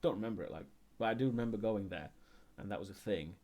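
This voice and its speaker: A man's voice: on the low side, fast talker, a little mellow. A Welsh man hosting a live stream, chatting casually with his chat and making wry asides. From Wales.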